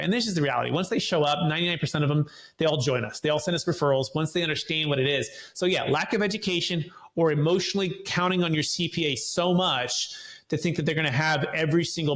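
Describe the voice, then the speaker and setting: A man who is a podcast guest. He tells stories animatedly and acts out dialogue in lively voices. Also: a little high. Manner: repeats words when starting sentences. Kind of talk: animated storytelling.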